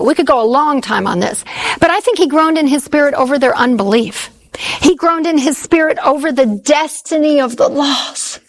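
A woman preaching a sermon, quoting scripture and slowing down to stress key words. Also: high voice. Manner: expressive, slows down for emphasis when quoting scripture.

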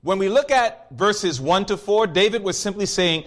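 Animated male preacher with a lively voice. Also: high-pitched, moderate pace, few pauses. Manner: animated, emphatic, storytelling. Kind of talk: sermon.

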